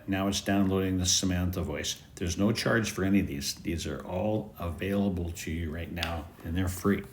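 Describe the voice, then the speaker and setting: Male presenter, lowish voice, relaxed walkthrough of app settings. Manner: easygoing step-by-step explaining. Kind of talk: screen-recorded app tutorial.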